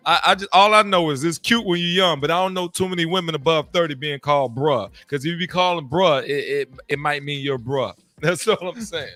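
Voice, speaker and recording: A man co-hosting a casual podcast chat, telling stories in an animated, slangy way. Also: a little high, a little fast, hardly any pauses, no room sound, faint music behind. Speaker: podcast co-host.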